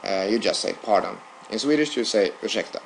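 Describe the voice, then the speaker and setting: Even-voiced man teaching a language lesson. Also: fairly low pitch, fast talker, a little hiss or hum, rough recording. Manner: steady, with frequent "uh" fillers.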